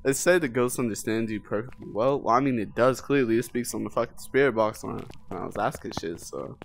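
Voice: medium pitch, fast talker, few pauses, a little hiss or hum. A young adult gamer giving let's-play commentary, taunting and cursing at an unseen ghost and getting easily startled. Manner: taunting, profane, trash-talking the ghost. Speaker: gamer playing a VR horror game.

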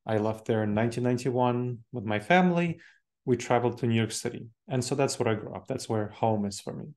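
A man's voice: mid-range voice, fairly quick, a little mellow. Man in his forties with a Moldovan accent. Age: 40s. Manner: explanatory, repeats key points, frequent self-corrections. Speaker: speaker. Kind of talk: presentation talk.

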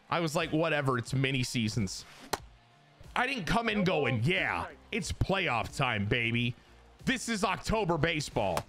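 A man giving casual gameplay commentary, excitable and crude, swinging between loud hype and low muttering. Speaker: gaming YouTuber.

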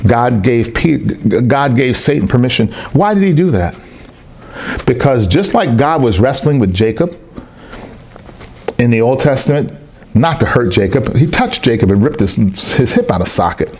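A pastor with a mid-range, slightly breathy voice preaches at a moderate pace with long pauses, performing the voices of the characters in his stories with animation. The service takes place in a rented hall.

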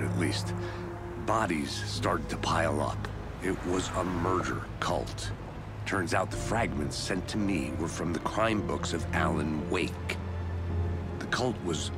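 An actor playing a weary, guarded middle-aged detective, speaking slowly and matter-of-factly in video game dialogue. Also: male voice, sits low. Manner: slow, clipped, matter-of-fact. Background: game score music.

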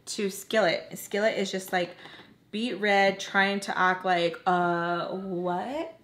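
A woman vlogger telling a personal story in a casual, chatty way, talking fast with lots of fillers and asides to her viewers. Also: medium pitch, fairly even intonation, a bit bright.

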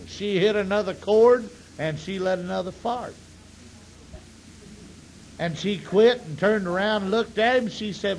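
Man, tipsy, profane, rambling jokes, high voice, faint tape hiss. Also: unhurried, rough recording. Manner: rambling, profane, repeats himself. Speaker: stand-up comedian. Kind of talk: profane joke-telling.

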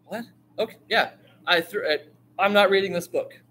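A man teaching a class on storytelling, talking in a lively way, asking the class questions and acting out lines. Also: high voice, moderate pace. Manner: animated, asks the class questions, acts out quotes. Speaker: writing teacher.

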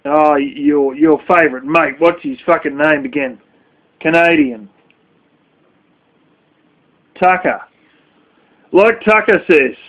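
A man's voice: on the high side, measured pace. A man vlogging in a scornful, heavily profane rant. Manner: scornful, heavy swearing. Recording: dull lo-fi recording.

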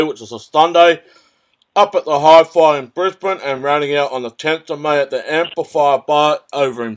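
Australian radio host plugging a tour. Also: male voice, on the high side. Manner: upbeat announcer plugging tour dates. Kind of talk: interview and promo plugs.

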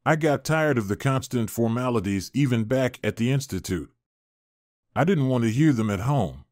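A man's voice: medium pitch, lively intonation, normal speed, darkish tone, no room sound, studio quality, natural voice. A man reading the lines of an awkward, nervous young man eager to please, in a hesitant, polite manner in a storybook narration.

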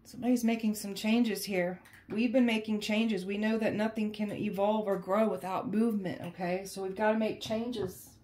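A woman's voice: medium pitch, fairly even intonation, normal speed, few pauses, dark tone, reverberant. A woman giving a casual tarot reading to her viewers, chatty and emotionally shaken, often ending her phrases with "okay?" and "guys". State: emotionally shaken, holding back tears. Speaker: tarot reader. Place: indoors at home, with a cat nearby.

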